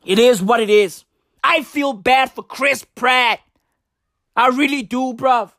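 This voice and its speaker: A woman's voice: on the high side, takes it slowly, fairly bright tone, no echo, clean studio sound. A woman delivering an improvised comic monologue, crude, profane and rambling, with slangy, brash talk and a catchphrase she keeps repeating.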